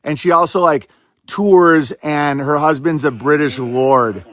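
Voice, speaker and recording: Brief: male podcast host, slightly higher voice, sarcastic rapid-fire commentary, dry close sound. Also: fairly bright tone, no room sound. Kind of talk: casual political commentary.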